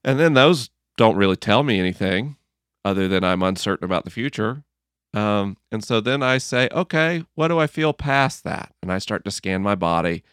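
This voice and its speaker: A man being interviewed about his book, telling stories in an earnest, gently humorous way and acting out his own inner dialogue. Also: lowish voice, normal speed, smooth, no echo, studio quality. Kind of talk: reflective conversational storytelling.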